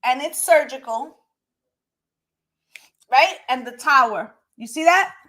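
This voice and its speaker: Woman tarot reader, higher voice, emphatic, profane, keeps asking "right?". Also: expressive, slow pace, fairly bright tone, low-quality recording. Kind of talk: casual spoken tarot reading.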